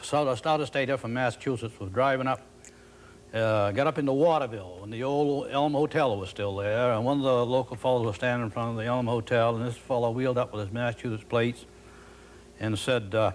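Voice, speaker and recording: A man's voice: medium pitch, fairly even intonation, fairly quick, a little hiss or hum. Folksy man spinning a yarn. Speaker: storyteller. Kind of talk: folksy storytelling.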